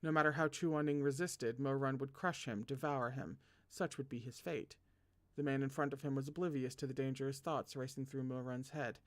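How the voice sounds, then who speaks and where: A man reading a novel aloud as host of a read-along, animated and often stopping to joke and laugh at the text. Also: medium pitch, brisk. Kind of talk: read-along narration with asides.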